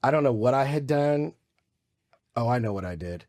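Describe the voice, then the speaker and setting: A man hosting a podcast, telling stories in an animated, casual way and swearing freely. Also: mid-range voice, moderate pace. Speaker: podcast host.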